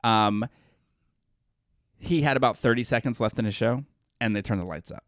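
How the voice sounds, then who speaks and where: A man's voice: mid-range voice, normal speed, no room sound, clean studio sound. A man co-hosting a casual podcast, telling stories in a rambling way and often correcting himself. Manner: rambling storyteller, self-correcting. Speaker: podcast co-host. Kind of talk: casual chat.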